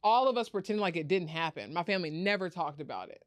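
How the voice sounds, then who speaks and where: A woman's voice: fairly low pitch, fast, no echo, clean studio sound. A woman guest telling a personal story in an interview, acting out the people she quotes. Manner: animated storyteller, acts out quoted voices. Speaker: podcast guest, founder.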